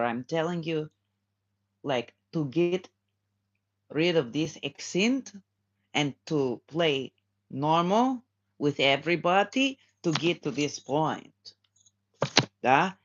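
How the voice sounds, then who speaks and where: A tarot reader playfully voicing a Russian woman spy with a put-on Russian accent, in a mock-serious, deadpan manner. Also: mid-range voice, slow pace, pauses often. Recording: slightly dull lo-fi sound.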